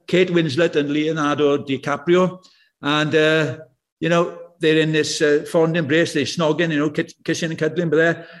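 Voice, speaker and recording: An older man preaching a sermon, chatty and anecdotal, slowing down to repeat key words with emphasis and dropping in wry, self-deprecating asides. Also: fairly high pitch. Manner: conversational and anecdotal, with slow emphatic repetition.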